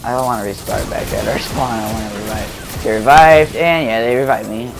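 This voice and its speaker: A man's voice: lowish voice, fairly even intonation, a little fast, vocal fry, music in the background. Rambling man narrating game footage. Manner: rambling, full of fillers and restarts. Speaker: gameplay commentator. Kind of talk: casual voice-over commentary on gameplay footage.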